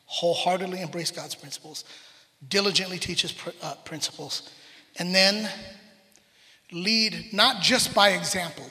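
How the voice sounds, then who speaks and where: High, very bright-voiced preacher man. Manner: animated storytelling, acts out family scenes. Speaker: pastor. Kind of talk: conversational sermon. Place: church sanctuary. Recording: reverberant hall.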